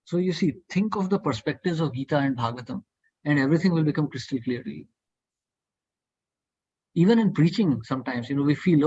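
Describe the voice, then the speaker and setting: Man, husky voice, fairly high pitch, earnest devotional class talk, dry muffled call audio. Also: fairly quick, mellow, no room sound. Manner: earnest, provocative, repetitive urging. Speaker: study group speaker.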